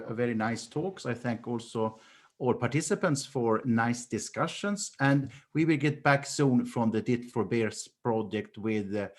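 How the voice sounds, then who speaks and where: A man moderating a webinar question session, hesitant with frequent pauses and fillers. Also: medium pitch. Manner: hesitant, with frequent ums and uhs.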